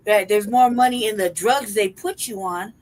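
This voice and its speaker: A young female podcast co-host talks at a moderate pace in a medium-pitched voice, recorded with poor audio. Her storytelling is casual and lively, full of swear words and repeated laughter.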